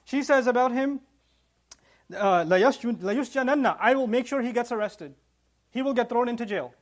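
Man, scripture lesson, animated storytelling, acts out scenes, rapid delivery. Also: very high voice. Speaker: religious teacher.

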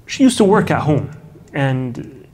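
A man giving an unhurried lecture on early Islamic history, telling stories and often adding Arabic honorifics and casual "you know" asides. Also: medium pitch, very animated, a little mellow.

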